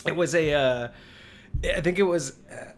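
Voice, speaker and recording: A man's voice: fairly high pitch, a little slow. A man hosting a casual tabletop gaming livestream, rambling and restarting his sentences, with "like" in nearly every line. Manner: rambling, heavy use of "like" and restarts. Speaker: host of a tabletop gaming stream.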